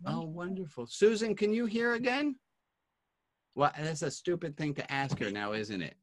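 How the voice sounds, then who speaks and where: A man's voice: a little high, lively intonation, moderate pace. A man hosting an online class, calling on each guest by name in a friendly, casual way over a video call. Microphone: computer mic on a video call.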